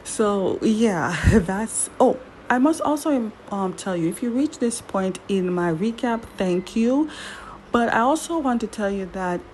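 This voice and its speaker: A woman giving a casual recap of a drama series, chatty and animated, firing off indignant rhetorical questions and correcting herself as she goes. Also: mid-range voice, unhurried, a little hiss or hum, rough recording. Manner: chatty, with frequent self-corrections.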